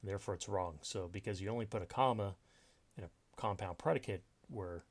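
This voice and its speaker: A man's voice: on the low side, a little fast. A man teaching a recorded grammar lesson over slides, explaining step by step with many fillers and restarts. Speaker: writing instructor.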